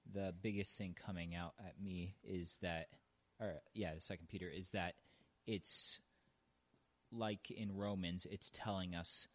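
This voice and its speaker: Deep guy in bible study, kinda hesitant, lots of ums. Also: steady tone, a little slow. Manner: tentative, thinking aloud with fillers. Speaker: study group member. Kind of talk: hesitant discussion answer.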